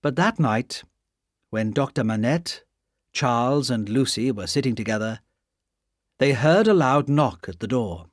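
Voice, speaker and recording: A male audiobook narrator reads a classic novel slowly and expressively. His pitch rises and falls a lot, and the sound is close and dry with no room echo. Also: expressive. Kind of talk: scripted narration.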